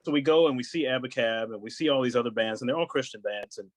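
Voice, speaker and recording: Animated man telling a story on a podcast. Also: mid-range voice, fast, dry recording. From United States. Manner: animated storyteller acting out quotes. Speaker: podcast guest. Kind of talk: casual chat.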